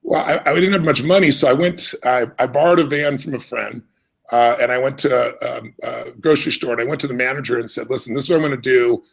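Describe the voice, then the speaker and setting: A man's voice: medium pitch, fast talker, vocal fry, breathy edge, poor audio. A middle-aged American man telling his life story as an interview guest, earnest and reflective, often restarting his sentences. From United States. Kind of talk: conversational storytelling.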